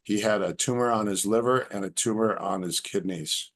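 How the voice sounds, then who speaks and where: A man's voice: fairly low pitch, moderate pace. A middle-aged man, a podcast guest, telling rambling personal stories in casual chat and acting out what people said. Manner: rambling anecdotes with acted-out quotes. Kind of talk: casual storytelling.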